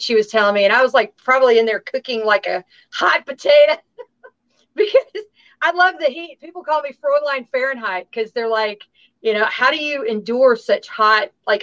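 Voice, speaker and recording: A woman's voice: a little high, a bit bright. Bubbly Southern woman on a dull call. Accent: Southern American. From Tennessee. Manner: bubbly, chatty, laughs often, many fillers. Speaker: guest, actress and singer. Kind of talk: casual interview chat.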